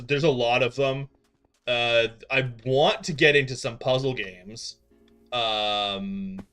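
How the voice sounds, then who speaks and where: A man's voice: medium pitch, pushed and bright. A young man from Canada chatting casually with viewers on a live stream while he plays, rambling and full of fillers as he gets distracted.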